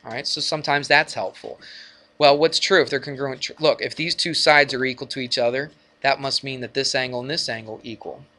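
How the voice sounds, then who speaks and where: A man teaching a math lesson to his class, lively and energetic, often asking the students questions. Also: mid-range voice, fairly quick. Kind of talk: classroom lecture.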